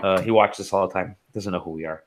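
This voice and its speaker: A man's voice: deep voice, steady tone, fast talker, background noise. Rambling man telling podcast stories. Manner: rambling storyteller, swears and laughs often. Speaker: podcast co-host. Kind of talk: casual podcast chat.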